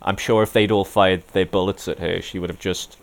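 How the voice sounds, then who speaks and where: A man's voice: low voice, steady tone, a little fast, vocal fry. A man co-hosting a casual podcast, rambling enthusiastically with lots of "like"s. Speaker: podcast co-host. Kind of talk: casual chat.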